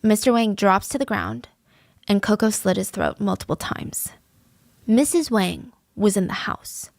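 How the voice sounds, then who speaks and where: Woman podcast host, casual true-crime storyteller, gravelly fry, dry close sound. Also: medium pitch, animated, a little slow, darkish tone, no echo. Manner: conversational, with casual fillers.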